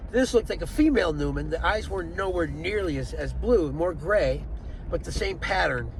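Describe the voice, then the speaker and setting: A man's voice: on the high side, gravelly. A man telling a story to his phone camera from his car, swearing and sounding exasperated, with street noise behind. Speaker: vlogger. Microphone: phone camera mounted in car.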